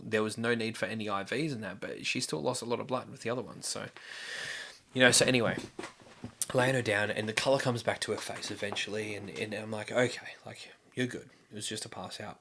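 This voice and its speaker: Rambling man with a bright voice. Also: on the low side, vocal fry. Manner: rambling, candid, with frequent fillers and restarts. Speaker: podcast host. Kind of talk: personal storytelling.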